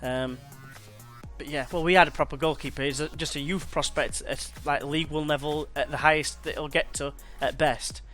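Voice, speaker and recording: A man's voice: fairly high pitch, fairly even intonation, normal speed, fairly bright tone, faint music behind. A young man chatting and calling the action while playing a football management game. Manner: chatty, slangy, commentates play-by-play. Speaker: let's play gamer. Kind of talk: casual gameplay commentary.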